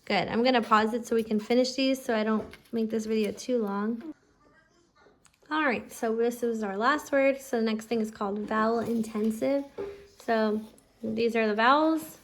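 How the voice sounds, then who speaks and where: A woman homeschooling her child, explaining a phonics lesson and slowly drawing out letter sounds. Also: fairly high pitch, a little hiss or hum. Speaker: homeschooling parent teaching phonics. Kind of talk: instructional explanation to camera.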